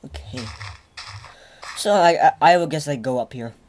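A man giving let's play commentary, stammering and repeating himself as he gets excitable. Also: on the high side, moderate pace, slight background noise. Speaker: gaming channel host.

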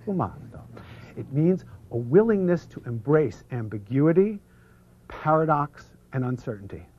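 A man presenting an instructional seminar, energetically drawing out foreign terms for the audience to repeat and sometimes dropping to a hush. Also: mid-range voice, big pitch swings, moderate pace, husky. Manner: drops to a hush for some passages. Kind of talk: instructional seminar talk leading audience repetition. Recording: muffled lo-fi video recording.

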